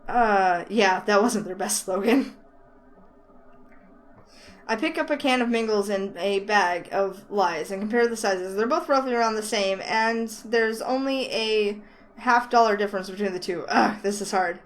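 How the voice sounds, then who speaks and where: A woman's voice: mid-range voice, measured pace, poor audio. A woman reading a visual novel aloud in the first person, breaking off for chatty, giggly asides about the script. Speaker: let's play host.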